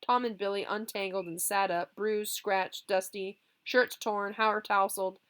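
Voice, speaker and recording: Teacher lady reading a kids' chapter book out loud, lively, middle pitch. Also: a little slow. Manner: lively, expressive. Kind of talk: reading a children's novel aloud.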